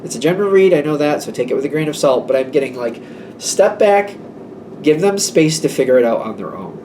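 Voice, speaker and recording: A man's voice: mid-range voice, lively intonation, fast talker, darkish tone, far from the mic, slight background noise. A man giving a casual, rambling tarot reading, acting out little exchanges between people as he talks. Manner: chatty, rambling, acts out quoted exchanges. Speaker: tarot reader.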